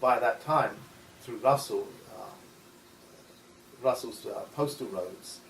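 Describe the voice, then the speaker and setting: A man talking as an interview guest in casual conversation, halting with many restarts and short laughs. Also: medium pitch, creaky, a bit bright, slight background noise. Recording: echoey room, voice from far off.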